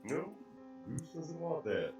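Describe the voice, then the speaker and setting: A man playing a tabletop game, lively and playful. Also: fairly high pitch, slow pace, vocal fry, slightly rough, soft background music. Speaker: player.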